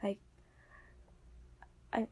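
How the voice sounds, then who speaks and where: A woman's voice: very slow, warm tone, rough recording. A tired young woman whispering late at night as she answers viewer questions, rambling with lots of fillers and restarts. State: sleepy, tired voice.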